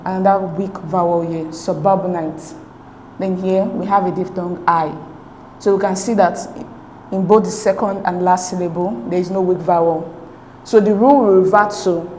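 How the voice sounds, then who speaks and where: In an echoey room with a little background noise, a woman teacher patiently and methodically walks through exam answers, frequently asking "okay?". Her voice is fairly low and mellow.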